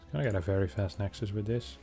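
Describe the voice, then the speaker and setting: Male esports caster with a lowish voice, casual and joking, quick reactions, soft music underneath. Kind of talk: casual game commentary.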